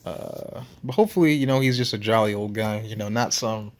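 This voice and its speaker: A man's voice: fairly low pitch, fairly quick. A man giving casual, joking commentary while playing a story game, often laughing at himself. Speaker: gameplay streamer.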